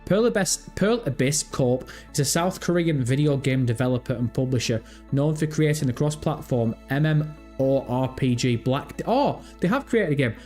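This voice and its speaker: A man's voice: mid-range voice, lively intonation, normal speed, darkish tone, soft background music. Rambling man chatting on stream. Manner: rambling, thinks aloud, reads chat and search results. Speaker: gaming livestream host. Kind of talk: casual livestream chat.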